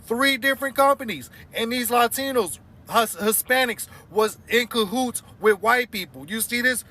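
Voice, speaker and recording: Indignant male commentator with a very high, sharp voice, asks rhetorical questions. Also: normal speed. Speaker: commentator reacting to clips. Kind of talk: opinion commentary.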